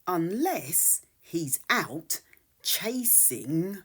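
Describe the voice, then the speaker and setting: Slow, soft-spoken woman reading aloud. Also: on the low side, sing-song, breathy edge. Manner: soft, whispery storytelling. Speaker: storybook reader. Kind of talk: children's read-aloud.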